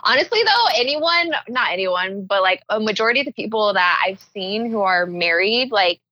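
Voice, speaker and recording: A woman's voice: mid-range voice, lively intonation, normal speed, sharp tone, no room sound, highs cut off. A young American woman co-hosting a podcast in casual chat, giggly and saying "like" constantly. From United States. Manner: giggly, filler-heavy, says "like" constantly. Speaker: podcast co-host.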